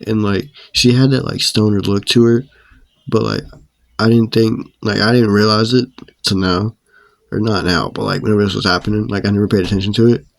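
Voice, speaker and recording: A man's voice: on the low side, steady tone, fairly quick, creaky, dry recording, studio quality. A young man telling a story in a casual, slangy, profane way. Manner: laid-back, slangy and profane. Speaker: storyteller vlogger.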